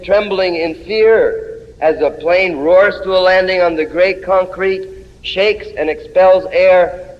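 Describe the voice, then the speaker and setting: A man with a high voice reads his poem as a chant, circling back to the same refrain with incantatory insistence. The recording is dull and lo-fi. A long hall reverb trails behind his words. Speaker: poet. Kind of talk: poetry reading.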